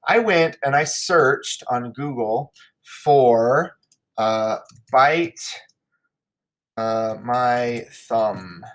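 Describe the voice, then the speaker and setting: A man's voice: mid-range voice, extremely slow, a bit bright. Casual male teacher explaining a play. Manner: casual explaining with many fillers, checking in with "right?". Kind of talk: recorded lesson walkthrough.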